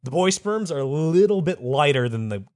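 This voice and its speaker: A man's voice: a little high, lively intonation, normal speed, a little mellow, no echo, clean studio sound. A man co-hosting a podcast, rambling through crude comedic banter and slipping into silly voices. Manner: rambling, playful, does silly voices for characters.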